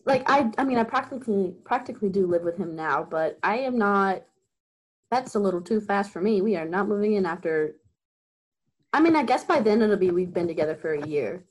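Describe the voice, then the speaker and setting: A young woman guest telling a roommate story in a giggly, animated way with lots of fillers. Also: mid-range voice, brisk, poor audio. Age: young adult. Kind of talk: casual storytelling.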